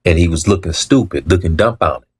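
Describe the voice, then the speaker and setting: A deep-voiced man recounts his story in an expressive, slightly fast, casual way. He repeats himself to stress points, voices the quoted lines himself and keeps clearing his throat.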